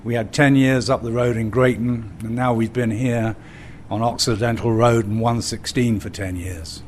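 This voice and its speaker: A man's voice: mid-range voice, steady tone, moderate pace, slight background noise. An older man from England with an English accent, a cider company founder telling stories in a rambling, filler-laden way as an interview guest. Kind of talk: storytelling in conversation. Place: bar of a small pub.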